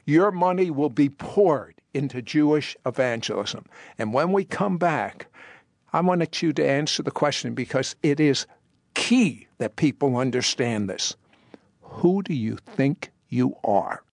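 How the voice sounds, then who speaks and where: An older man hosting a Christian talk show, pitching a product in an enthusiastic, persuasive way. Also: expressive, unhurried, gravelly, no echo, clean studio sound.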